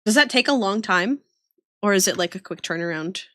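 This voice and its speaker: A woman's voice: mid-range voice, animated, a little fast, a bit bright, no echo, clean studio sound. A young woman streamer chatting casually while she draws. She rambles, giggles often and reads chat aloud. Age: young adult.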